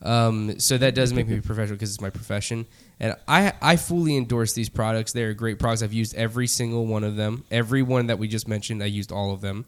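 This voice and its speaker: A man in casual podcast chat, speaking haltingly with repeated restarts. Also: fairly low pitch.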